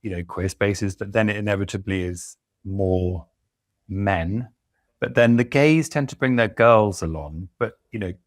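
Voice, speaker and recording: A man hosting a podcast in a relaxed, casual way, often chiming in with short agreeing replies. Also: on the low side, a little slow, no echo, clean studio sound. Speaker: podcast host. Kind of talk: casual chat.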